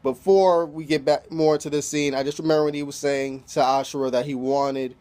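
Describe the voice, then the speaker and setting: A man's voice: fairly high pitch, fairly even intonation, a little fast, mellow. Casual profane man recapping anime. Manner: loose and profane, heavy "you know" fillers. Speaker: anime reviewer.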